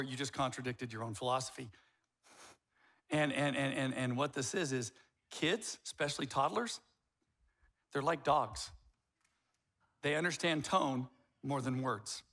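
A man's voice: on the high side, fairly bright tone. A man in his fifties preaching a sermon as a pastor, blunt and emphatic, with wry jokes.

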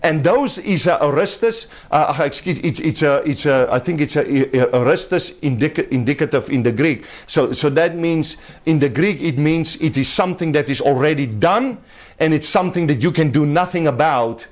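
A man with a notably high-pitched voice delivers a sermon to a small group gathered in a home. He preaches emphatically but conversationally, breaking into light laughter as he talks. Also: moderate pace.

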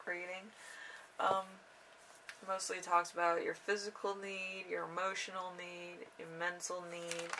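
A young woman giving a casual tarot reading in an unhurried, rambling way with drawn-out fillers. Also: fairly low pitch, bright, forceful tone, distant mic, a little hiss or hum, low-quality recording. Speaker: tarot reader.

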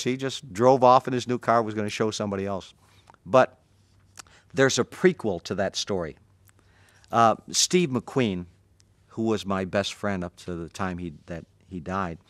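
Male martial arts teacher, lively anecdote teller, dry close recording. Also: fairly low pitch, no echo. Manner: animated, acts out the voices in his story. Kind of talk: anecdotal storytelling.

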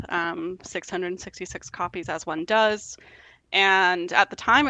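Gravelly-voiced woman chatting casually. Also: on the low side, no room sound, low-quality recording. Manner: relaxed, hesitant with frequent ums. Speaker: podcast guest, album reviewer. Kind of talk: casual chat.

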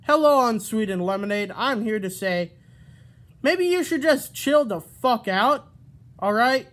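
A man's voice: extremely high pitch, lively intonation, measured pace, a bit bright. A man ranting at his camera in a rambling, profane vlog, often stopping to restart and correct himself. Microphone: camera mic.

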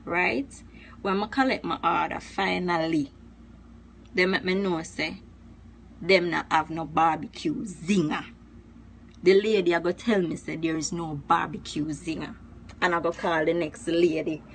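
A woman's voice: fairly low pitch, steady tone, a little slow, a little hiss or hum. A woman chatting through a story in a vlog.

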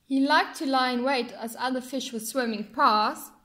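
A woman reading a rhyming children's picture book aloud in an expressive, sing-song way. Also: high voice, normal speed. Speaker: storyteller.

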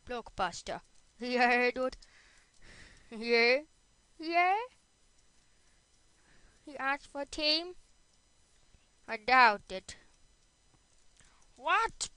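A woman commenting on her own gameplay in a loose, goofy way, joking and chatting straight to the viewers. Her voice sits a little high and sounds bright and sharp, and she talks slowly and unhurriedly, with a tired edge. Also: animated, smooth, no room sound, low-quality recording. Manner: playful, silly, chatty to viewers. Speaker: gaming video host. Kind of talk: casual gaming commentary.

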